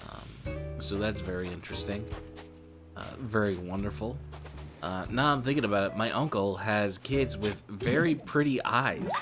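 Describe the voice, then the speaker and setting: Brief: male streamer in casual chat, rambling and profane, keeps calling the listener brother, slightly low voice, music playing behind. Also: normal speed.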